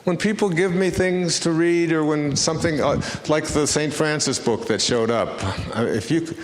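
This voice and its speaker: A man's voice: on the high side, moderate pace, slight background noise. A man speaking to a live audience, telling a personal story in a conversational, anecdotal way and acting out the voices of the people in it. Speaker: motivational speaker. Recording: roomy lecture hall reverb.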